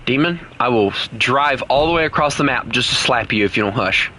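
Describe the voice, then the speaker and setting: A man's voice: mid-range voice, lively intonation, fairly quick, sharp tone, slight background noise, low-quality recording. A man streaming a game and bantering playfully with viewers who play along with him. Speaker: gaming streamer. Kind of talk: casual gameplay chat with viewers.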